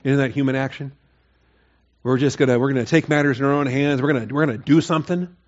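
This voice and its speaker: A man's voice: mid-range voice, quick pace, highs cut off. A man preaching a Bible sermon in a conversational way, rising to emphatic, mocking quotes of the people. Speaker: pastor. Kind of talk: expository sermon.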